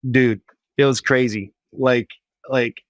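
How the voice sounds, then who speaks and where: A man of middle pitch tells his faith testimony in a relaxed, animated way. He scatters "like" through his speech and voices his own thoughts as quotes. The recording is close and dry. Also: slow, dry recording. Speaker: guest sharing a faith testimony. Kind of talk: casual storytelling.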